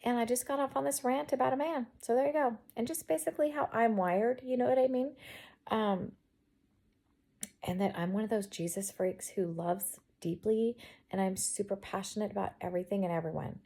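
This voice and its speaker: A woman's voice: a little high, fairly quick, gravelly, warm tone. A woman with a Southern accent chatting in her bedroom, rambling and quirky as she talks to her viewers. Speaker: vlogger. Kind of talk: casual chat.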